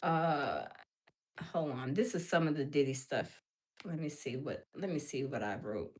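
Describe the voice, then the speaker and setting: A woman hosting a casual livestream, animated and laughing often as she talks to her viewers. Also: deep voice, a little slow, breathy edge. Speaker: livestream host.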